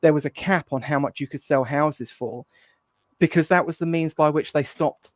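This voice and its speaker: A man's voice: a little high, normal speed, dry recording. A man chatting casually as a co-host on a political podcast, rambling and hesitant with many fillers. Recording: dry close sound.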